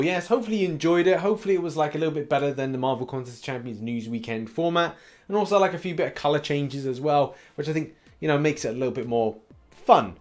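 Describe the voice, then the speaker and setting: A man's voice: on the high side, quick pace, soft background music. Chatty man hosting gaming news. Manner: chatty, rambling, laughs often. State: slight cough. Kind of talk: casual gaming news commentary.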